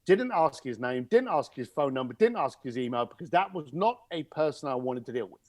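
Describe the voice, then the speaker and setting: A middle-aged man, a podcast guest, telling a story with lively acted-out dialogue. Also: mid-range voice, a little fast. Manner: animated storyteller who acts out dialogue.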